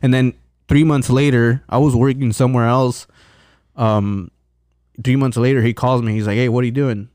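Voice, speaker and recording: A man's voice: mid-range voice, steady tone, moderate pace, darkish tone, dry recording. Swearing, rambling man telling a story. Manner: rambling storyteller, swears a lot, restarts often. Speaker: podcast co-host. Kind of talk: casual chat.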